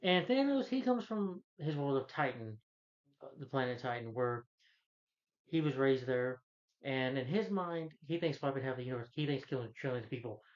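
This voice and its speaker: A man's voice: medium pitch, lively intonation, moderate pace, highs cut off. Rambling man recapping a movie plot. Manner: rambling, many fillers and self-corrections. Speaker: film reviewer.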